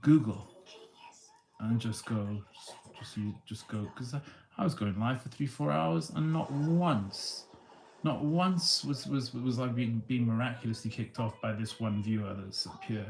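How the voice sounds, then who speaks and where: A man livestreaming from his phone on a tripod at home, talking in a halting, rambling way with many restarts. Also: medium pitch, vocal fry, a little mellow, slight background noise. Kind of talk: rambling casual monologue. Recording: echoey room.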